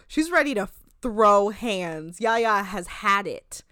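A young woman with a New Jersey accent who recaps in animated, profane casual chat. Her voice is smooth and clean, recorded dry and close. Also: mid-range voice, slow pace, hardly any pauses, no echo. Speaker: podcast host.

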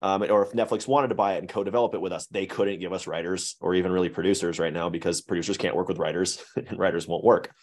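A man with a very deep voice is a podcast guest, chatting casually. He talks candidly and at length, often restarting his sentences as he thinks. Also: fairly even intonation, fast talker, few pauses, darkish tone. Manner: rambling, candid, self-correcting. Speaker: guest, web series creator.

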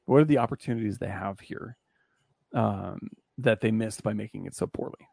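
A man's voice: on the low side, moderate pace, gravelly, mellow, no room sound. A man hosting a casual film discussion, blunt and profane, rambling with lots of fillers.

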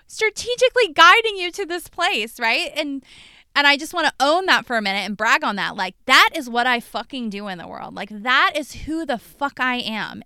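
A woman's voice: high-pitched, bright, forceful tone, clear, resonant tone, no room sound, studio quality. A woman hosting her podcast as a coach, telling a personal story in a candid, blunt, profane monologue.

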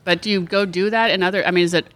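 A man hosting a casual chat, animated and laughing, openly admiring his guest. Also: high-pitched, racing.

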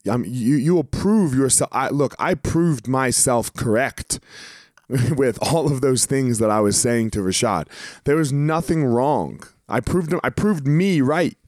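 A former fighter speaks straight to the camera in a loose, motivational monologue, cussing now and then and doubling up words to drive points home. His voice sits at an ordinary middle pitch. The sound is dry and close, with no room echo. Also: darkish tone. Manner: casual, profane, repeats words for emphasis. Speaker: former professional fighter giving motivational talk.

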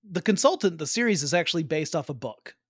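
A man with a fairly high voice, co-hosting a casual chat and chuckling as he goes. He sounds relaxed and loose and trails off at times. The sound is dry and close, with no room around it. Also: quick pace, breathy edge, no room sound. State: hiccups. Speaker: podcast co-host.

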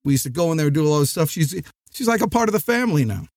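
A middle-aged man from New Jersey hosting a sales podcast, talking in an animated, rambling way with frequent restarts. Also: on the high side, rapid-fire, dry recording, studio quality. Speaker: podcast host. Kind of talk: energetic sales podcast monologue.

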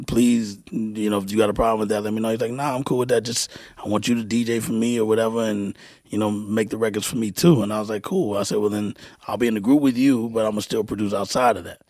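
A middle-aged man, a music producer guest, telling stories in a casual interview, halting and repeating words as he acts out quoted dialogue. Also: fairly low pitch, fairly even intonation, darkish tone, no room sound, clean studio sound.

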